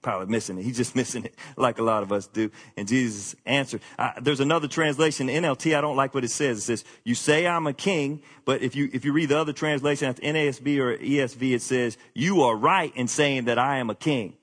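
A man preaching a sermon in a lively, colloquial way. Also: medium pitch, a little fast, hardly any pauses, in a large hall. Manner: animated preaching with colloquial asides. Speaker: pastor.

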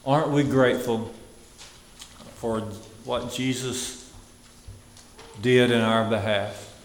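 A man preaching a Sunday sermon, earnest and measured, with weighty pauses. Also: mid-range voice, fairly even intonation. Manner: slow, earnest, emphatic pauses. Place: church sanctuary. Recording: echoey hall with faint ambience.

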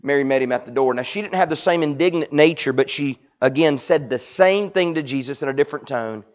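A man, preaching a sermon that swings from loud to hushed. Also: medium pitch, brisk. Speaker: pastor. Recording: dull lo-fi recording.

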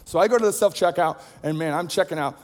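A man's voice: a little high, fast talker, darkish tone. A man preaching a sermon, telling everyday stories in a chatty, self-deprecating way. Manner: conversational storytelling with self-deprecating humor. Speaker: pastor. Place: large auditorium. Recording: long hall reverb.

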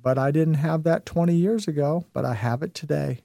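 A man's voice: a little high, a little fast, creaky, dark tone, no echo, clean studio sound. A man in his fifties hosting a show, giving an emphatic motivational talk and repeating his key phrases. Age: 50s. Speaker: host.

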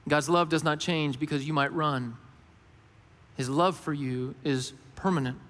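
A man preaching a sermon as a pastor, earnest, rising on questions and dropping low to stress a point. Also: a bit bright, long reverb tail. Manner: earnest, rises for questions and drops low for emphasis.

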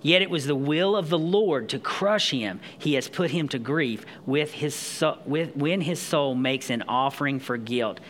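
A man's voice: on the high side, expressive, measured pace, hardly any pauses, a bit bright, slight background noise. A man preaching, reading scripture aloud and then explaining it in a conversational, emphatic way. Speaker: pastor. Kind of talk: sermon.

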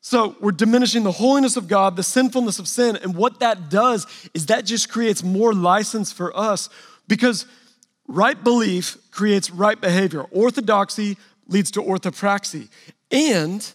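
A man's voice: high voice, long reverb tail. A man preaching a sermon from a church stage, casual and conversational, acting out quoted asides. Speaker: pastor.

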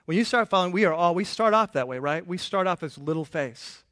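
A man preaching a sermon as a pastor, animated and playful, acting out the voices in the stories he tells. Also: high-pitched, fast. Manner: animated, playful, acts out quotes.

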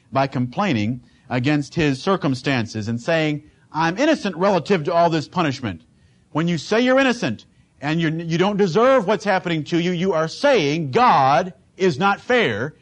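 High-voiced preaching pastor, emphatic. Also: male voice, lively intonation, normal speed. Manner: emphatic preaching, acting out quoted speakers. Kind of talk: sermon.

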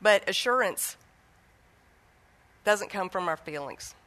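A woman's voice: mid-range voice, lively intonation, slow pace, fairly bright tone. A middle-aged woman giving an earnest faith teaching talk, telling family stories and acting out the dialogue. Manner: earnest, anecdotal, acts out dialogue. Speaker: Christian teacher.

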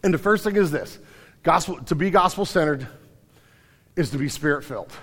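A man's voice: a little high, lively intonation, brisk, fairly bright tone, big-room sound. A man preaching a sermon as pastor, talking in a colloquial, emphatic way with slangy retellings.

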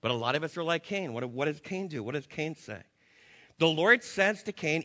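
A man's voice: on the high side, animated, normal speed, bright, forceful tone, long reverb tail. A man preaching a sermon to a congregation, emphatic, with rhetorical questions and repetition. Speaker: pastor.

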